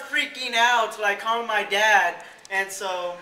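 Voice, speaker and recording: A man's voice: high voice, slow, loud music behind the voice, over a noisy crowd. A man casually telling a rambling, jokey childhood story, swearing now and then, in a school hallway. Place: school hallway outside a band room. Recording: echoey hallway.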